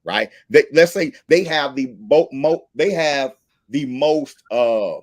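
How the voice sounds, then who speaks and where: A man hosting a podcast in casual, animated talk, often asking "right?". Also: mid-range voice, slow, no room sound. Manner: animated, seeks agreement with "right?". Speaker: podcast host.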